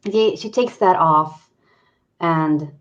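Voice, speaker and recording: A woman's voice: low-pitched, slow pace. A woman player describing her character's actions in a tabletop game, on dull lo-fi audio.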